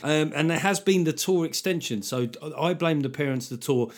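A man's voice: fairly high pitch, normal speed. A middle-aged man hosting a solo comedy podcast, wry and sweary, riffing with jokey asides. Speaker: podcast host.

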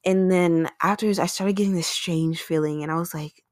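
A podcast host relates a personal story in a casual, confessional way, her lowish voice steady and a little fast. Her chatty delivery is full of "like" and "um," and the clean studio audio has no echo.

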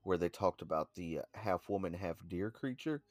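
A man with a very low voice co-hosts a casual podcast. He talks unhurriedly and pauses often with "uh". The recording is dry and close. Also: animated, dry recording. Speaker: podcast co-host.

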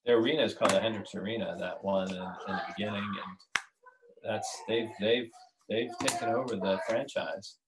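A man's voice: on the low side, fairly even intonation, normal speed, heavy background noise. A man who is a writer and creator, talking as a podcast guest in a casual, rambling way with many restarts. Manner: rambling, restarts, laughs at his own jokes.

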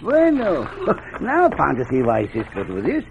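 An actor playing a big, jolly Mexican sidekick who speaks broken English with a Mexican accent in an old radio western drama. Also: male voice, fairly high pitch, wildly swooping pitch, unhurried, full character voice. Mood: puzzled. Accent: Mexican Spanish. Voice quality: broken English, talks of himself by name. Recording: muffled old radio recording, light hiss.

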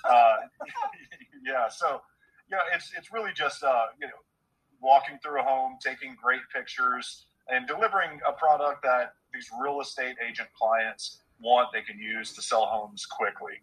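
A man answering questions as a podcast guest about his photography business, relaxed and matter-of-fact. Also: mid-range voice, a little slow, breathy edge, rough recording. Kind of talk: casual interview answers.

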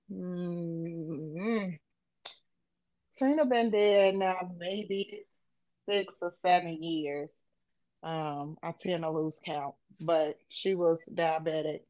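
A woman's voice: on the low side, extremely slow, a little mellow, dry recording. A woman on a podcast, retelling an emotional personal story in vivid, casual speech. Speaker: podcast co-host.

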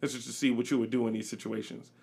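A man's voice: medium pitch, flat delivery, racing, gravelly, warm tone, husky. A young man co-hosting a podcast, talking in casual chat and trading heated, profane teasing with his friend. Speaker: podcast co-host.

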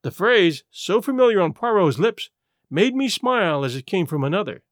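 A man reading a classic detective story aloud as an audiobook narrator, in an even storytelling manner. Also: sits high, normal speed, dry recording, studio quality. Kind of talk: scripted narration.

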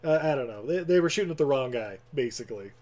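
Give me a casual male podcast co-host with an ordinary mid-pitched voice, meandering through a movie recap. He laughs easily and stumbles through his sentences. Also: animated, fast, darkish tone. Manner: rambling, laughing, full of fillers. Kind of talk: casual chat.

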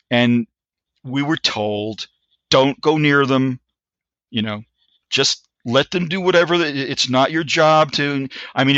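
Bright-voiced older veteran telling war stories. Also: male voice, medium pitch, no room sound, lo-fi sound. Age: 60s. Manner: halting, restarts phrases, leans on filler phrases. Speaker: army veteran interviewee. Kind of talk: casual anecdotal storytelling.

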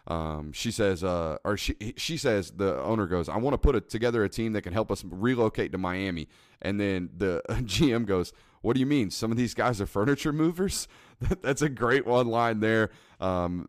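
A man with a fairly low voice co-hosts a loose, joking chat about a sports movie. He gets animated and laughs as he quotes favorite lines. The sound is dry and close, with little room in it. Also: clean tone, no room sound. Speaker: podcast co-host.

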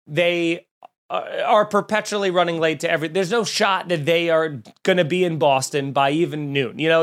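A man hosting a casual podcast, telling a lively, profane, joking travel story. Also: a little high.

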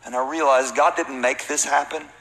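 A man's voice: medium pitch, fairly even intonation, moderate pace, a bit bright. A man pastoring a church, preaching a sermon to his congregation with emphatic, rising peaks. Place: large hall with congregation. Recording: reverberant hall.

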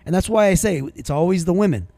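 A man's voice: sits high, animated, fast talker, creaky, mellow, dry recording, clean studio sound. A man co-hosting a podcast, telling stories bluntly and emphatically, swearing constantly in casual banter. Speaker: podcast co-host.

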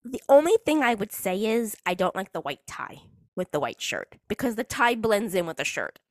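A woman's voice: mid-range voice, sing-song, normal speed, no echo, clean studio sound. A woman chatting casually as a hockey fan vlogger, rambling and poking fun at herself. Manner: chatty, rambling, self-mocking. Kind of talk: casual chat.

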